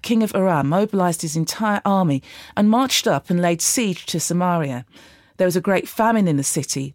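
A woman giving a measured, steady scripted reading of scripture. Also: fairly low pitch, no echo, studio quality. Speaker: Bible reader.

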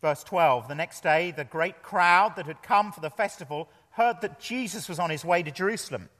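A man's voice: on the high side, moderate pace, a bit bright. Emphatic preacher man in a hall. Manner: earnest, emphatic, repeats key phrases. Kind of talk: sermon. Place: church pulpit.

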